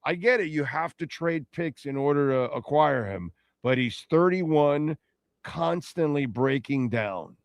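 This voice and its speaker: Rambling middle-aged radio host. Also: male voice, a little high, expressive, measured pace, gravelly, no room sound. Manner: rambling, conversational, reacting to chat. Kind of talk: casual sports talk.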